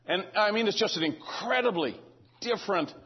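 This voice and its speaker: A man's voice: high voice, lively intonation, moderate pace, breathy edge, highs cut off. A man preaching a conversational sermon in a church, often checking in with the congregation and adding joking asides. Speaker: pastor. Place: church sanctuary.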